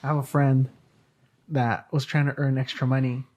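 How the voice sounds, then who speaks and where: A man's voice: medium pitch, little pitch movement, moderate pace, a little mellow. A middle-aged man hosting a casual podcast chat, rambling and often searching for words. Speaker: podcast host.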